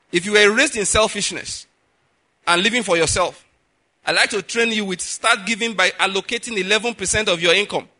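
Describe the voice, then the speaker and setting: Male pastor, middle-aged, high and sharply bright voice, emphatic sermon delivery. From Nigeria. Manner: emphatic, rises in pitch and volume to stress points.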